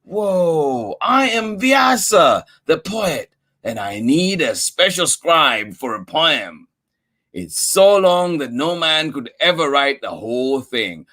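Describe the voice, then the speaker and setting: A man's voice: on the high side, big pitch swings, takes it slowly, sharp tone, full character voice. A man voicing an eager, earnest old male poet in a storybook read-aloud, speaking in exclamations.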